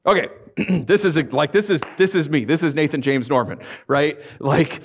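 A man preaching a sermon, telling stories in an animated way, acting out voices and laughing often. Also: fairly high pitch, moderate pace. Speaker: pastor.

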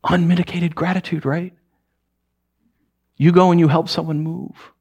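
A man's voice: fairly high pitch, flat delivery, unhurried, darkish tone, husky. A man preaching in a conversational, joking way, now and then acting out little voices of the people he talks about. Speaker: pastor. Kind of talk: sermon.

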